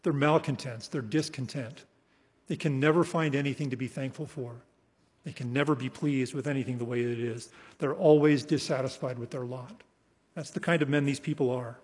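Speaking with emphasis in a somewhat husky, medium-pitched voice, a man preaches an expository sermon. Scripture passages are read slowly, and his phrases drift off gently at the close. A long, hall-like reverb hangs on the sound.

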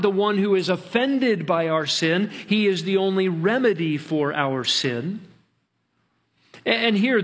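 A man pastor preaching a sermon, earnest, slowing down to stretch key words. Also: high voice, fairly bright tone.

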